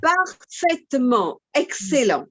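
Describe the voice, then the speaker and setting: A woman guest on a video call, answering in short, warmly appreciative words. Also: high-pitched, big pitch swings, slow pace, dull audio. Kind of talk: casual chat.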